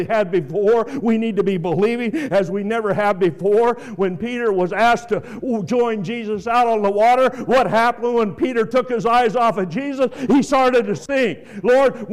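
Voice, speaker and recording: A man preaching a sermon, reading scripture and swinging between emphatic outbursts and quiet asides. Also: high-pitched.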